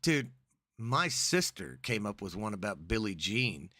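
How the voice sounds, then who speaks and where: Rambling podcast guy, low bright voice. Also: a little slow, dry recording, clean studio sound. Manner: rambling, animated, self-interrupting. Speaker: podcast co-host. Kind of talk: casual podcast chat.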